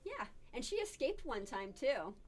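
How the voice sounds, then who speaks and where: A woman's voice: high-pitched, normal speed. A woman hosting a casual live stream, chatting with viewers, reading their comments aloud and answering them, and laughing often as she tells stories. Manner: laughs often, lively when telling stories. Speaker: live-stream host teaching casino games.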